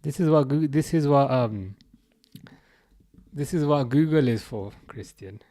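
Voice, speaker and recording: A man with a Birmingham accent from the UK hosts a football watchalong livestream, reading out viewer comments in a halting, casual way with many restarts. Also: medium pitch, warm tone. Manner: halting, restarts often, chuckles, reads comments aloud. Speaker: livestream host reading chat.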